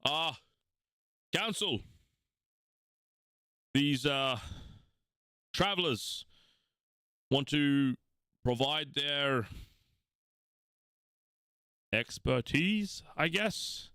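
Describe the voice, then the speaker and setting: A man's voice: on the high side, lively intonation, extremely slow, long pauses, bright, forceful tone, smooth, no echo, clean studio sound, voice pushed up, heavily acted. A man voicing a dismissive male advisor who talks in a bored, formal way.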